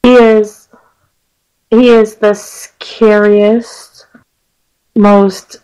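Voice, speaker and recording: A woman's voice: medium pitch, level tone, very slow, mellow, smooth, low-quality recording. A woman hosting a radio talk show, speaking effusively with dramatic emphasis. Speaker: radio host. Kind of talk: casual interview chat. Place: radio studio.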